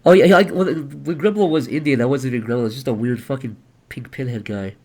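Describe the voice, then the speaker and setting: A man chatting casually on a livestream, animated, profane and quick to laugh. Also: mid-range voice. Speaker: streamer.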